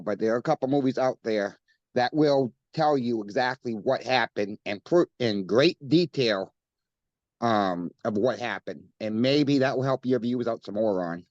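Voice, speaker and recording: A man's voice: mid-range voice, a little mellow, dry recording, lo-fi sound. A man with a Maine accent, an interview guest talking earnestly with frequent fillers and repeating the host's name. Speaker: coin shop guest. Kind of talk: casual interview chat.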